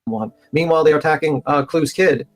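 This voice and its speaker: A man's voice: on the high side, brisk. A man talking on a live stream clip, rambling and repeating "I mean" and "you know what I mean.".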